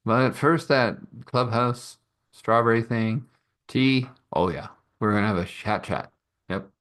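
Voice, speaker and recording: A man's voice: mid-range voice, a little slow, fairly bright tone. A man telling an improvised story in a rambling, chuckling way, with many fillers.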